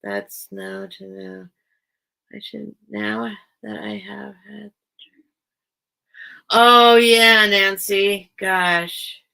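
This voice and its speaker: A woman hosts a casual live-stream sale, talking slowly with a gravelly edge to her voice. Her tone is bright and a touch tense, and she keeps cutting off her own sentences as she reads out bids. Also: mid-range voice, fairly even intonation. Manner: chatty, self-interrupting, reads out bids. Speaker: online live-sale seller.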